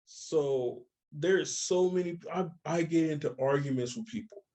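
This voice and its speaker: A young man co-hosting a casual chat, telling stories with animated voices for the people he quotes. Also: fairly high pitch, measured pace. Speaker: podcast co-host.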